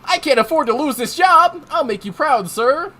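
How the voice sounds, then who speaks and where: Stammering, jittery young male attendant, pitched up high, as a streamer puts him on. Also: expressive, moderate pace, sharp tone. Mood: nervous. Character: nervous young male train attendant, a shaky nerd.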